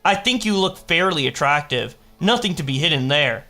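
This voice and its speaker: A young man with a fairly high, bright and forceful voice reads chat logs aloud for a commentary video. He delivers them mockingly and jumps into quick exaggerated voices for the quoted lines. Faint music plays underneath. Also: expressive. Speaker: commentary host.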